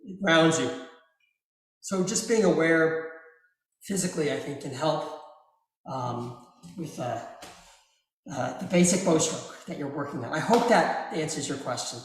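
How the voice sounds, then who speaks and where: A man, a cellist, answering audience questions in a live masterclass, talking in an unhurried, thoughtful way with frequent ums and uhs. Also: a little high. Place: large reverberant hall. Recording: very echoey hall with cello in the background.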